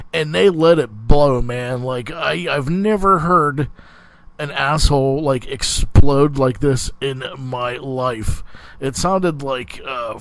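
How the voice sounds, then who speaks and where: A man's voice: mid-range voice, dry recording. A man hosting a podcast, telling a crude story in casual, profane chat, rambling with many fillers and restarts. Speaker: podcast host.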